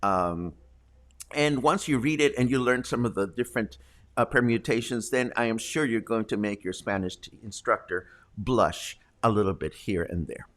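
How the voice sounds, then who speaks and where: A man's voice: medium pitch, a bit bright. A man hosting a local talk show, casually explaining slang with jokes and asides. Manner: chatty, joking, explains slang.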